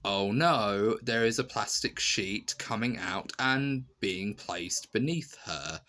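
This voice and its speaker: A man with a fairly low voice talks through a review in a loose, rambling way, leaning on filler words. He tells it with animated energy, breaking now and then into quick impressions. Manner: rambling, full of "you know" and "literally". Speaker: video reviewer. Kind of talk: casual spoken review.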